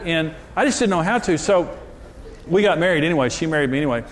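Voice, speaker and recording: A man in a pastor's role tells a sermon through jokey, self-mocking stories. His voice sits a little high for a man. A faint hiss runs underneath. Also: fairly quick, crowd noise. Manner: self-deprecating, jokey, animated storyteller. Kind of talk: humorous sermon storytelling.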